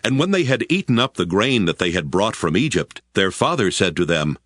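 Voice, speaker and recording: A man narrating scripture in a steady storytelling manner. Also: deep voice, a little fast, dry recording, studio quality. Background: backing music.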